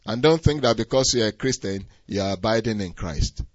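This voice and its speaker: A man preaching a sermon, swinging from quiet asides to loud, rising exhortation. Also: fairly low pitch, animated, brisk, dry recording. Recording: dull, slightly lo-fi dry recording.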